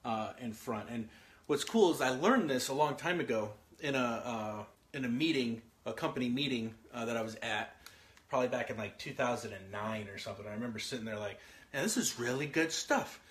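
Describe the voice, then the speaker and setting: A man, likely in his thirties, giving a casual motivational talk, energetic and repetitive, asking his listeners questions as he writes out an outline. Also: medium pitch, brisk. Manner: energetic, repeats himself, asks the listener questions; works through an outline, writing as he talks. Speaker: motivational speaker.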